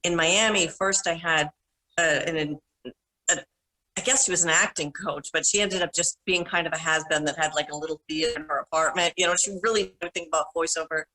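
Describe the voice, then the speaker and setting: A middle-aged woman from Minnesota, a panel guest rambling through animated anecdotes and correcting herself as she goes. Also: deep voice, fairly quick, low-quality recording. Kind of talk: casual storytelling.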